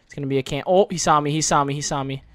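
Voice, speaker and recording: A man giving live gameplay commentary, excitable and trash-talking, with sudden frustrated outbursts. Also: fairly high pitch, racing, no echo. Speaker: gaming channel host.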